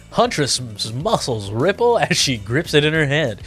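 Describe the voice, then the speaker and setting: Playful guy reading a dating sim out loud and goofing on it, super animated, bit of music behind. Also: on the high side, a little slow, hardly any pauses. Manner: playful, theatrical, laughs often. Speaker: gaming YouTuber.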